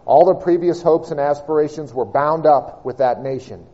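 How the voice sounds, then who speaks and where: A man preaching a sermon, reading and expounding scripture with measured, emphatic delivery and slowed key words. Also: fairly high pitch, dark tone, lo-fi sound.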